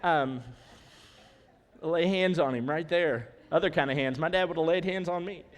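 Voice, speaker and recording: A male pastor with a high voice preaches a conversational sermon. He talks to the congregation casually and slips humorous asides between points. His words ring out with a long reverb through the church sanctuary. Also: normal speed.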